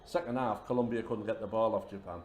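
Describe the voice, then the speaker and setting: A man's voice: lowish voice, steady tone, fast talker, a little mellow, roomy sound, slight background noise. A man co-hosting a football fan show, telling stories and jokes in casual banter.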